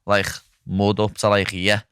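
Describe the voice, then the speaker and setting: A man's voice: on the low side, completely flat delivery, a little slow, fairly bright tone, smooth, no echo, clean studio sound. A young man with a Liverpool accent hosting a podcast, chatting bluntly with plenty of swearing. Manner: blunt, sweary, laughing banter. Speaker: podcast host. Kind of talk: casual banter.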